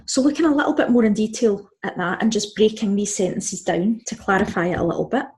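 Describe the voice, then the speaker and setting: A woman's voice: mid-range voice, lively intonation, quick pace, darkish tone. A Scottish woman teaching a Spanish grammar lesson, explaining patiently step by step. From Scotland. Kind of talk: online language lesson.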